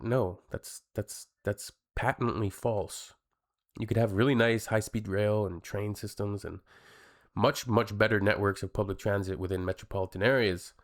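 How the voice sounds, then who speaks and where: Canadian guy hosting a reaction video, lowish voice, frank and talkative with his viewers. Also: fairly even intonation, moderate pace. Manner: blunt, chatty, addresses viewers. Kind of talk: casual reaction commentary.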